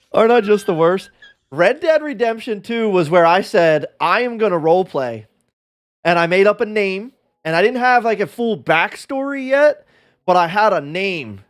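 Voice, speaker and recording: A man's voice: high-pitched, lively intonation, normal speed, clear, resonant tone. A man livestreaming in a casual chat, rambling and self-deprecating as he talks with his viewers.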